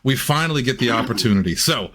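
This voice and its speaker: A man co-hosting a casual comedy film podcast, telling stories in an animated way and swearing freely. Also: mid-range voice, fast talker. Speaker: podcast co-host.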